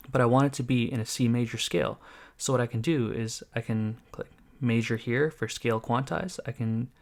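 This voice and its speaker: A man at middle pitch explains music theory in a calm, methodical way. He walks through scales and chords one step at a time, like a patient tutor. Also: vocal fry. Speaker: music production teacher.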